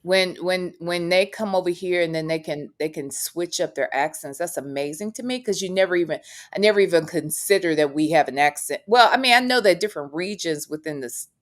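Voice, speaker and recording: A woman hosting a casual podcast, talking in a relaxed, chatty way. Her voice sits a little low, and she is frank and opinionated, swearing bluntly when she feels strongly. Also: brisk. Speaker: podcast host.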